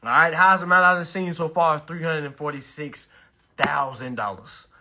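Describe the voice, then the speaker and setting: Teaching about bills on a livestream, this host speaks in a fairly high, steady voice. He hypes his audience, repeats himself and pushes for comments, then slows into hushed, deliberate speech whenever a point matters.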